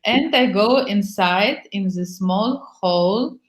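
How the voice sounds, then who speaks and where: A woman's voice: mid-range voice, takes it slowly. Woman, frank and playful. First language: Bulgarian. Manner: broken English, frank and playful, acting out little scenes. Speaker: workshop host. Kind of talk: casual chat. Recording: echoey room.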